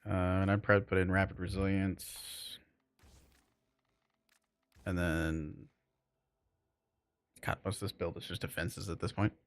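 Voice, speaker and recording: Male streamer, lowish voice, dry close sound, loose rambling chat with viewers. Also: level tone, unhurried, long pauses, dry recording. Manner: loose, rambling, lots of fillers. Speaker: game streamer.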